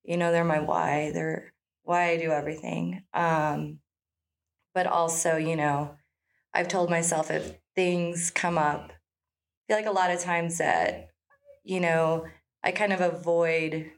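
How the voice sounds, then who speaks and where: A woman in her thirties talks as a guest on a casual podcast, her voice on the low side. She answers candidly but hesitantly, pausing often and leaning on small fillers. The delivery is unhurried and personal. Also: flat delivery, creaky. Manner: candid and hesitant, full of pauses and "you know". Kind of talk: casual interview chat.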